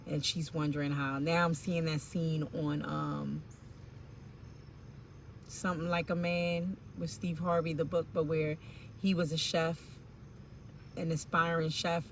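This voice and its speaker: A woman's voice: deep voice, a little slow, vocal fry, a little hiss or hum. A woman giving an intuitive tarot reading, musing aloud in informal slang with rambling asides and fillers. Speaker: tarot reader.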